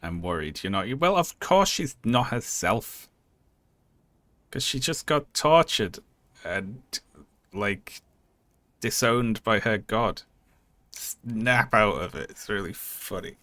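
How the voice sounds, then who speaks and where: A man commentates on a live game stream, casual and sarcastic, laughing often. His voice sits somewhat low with a bright, forceful edge. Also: expressive, slow pace, pauses often, dry recording.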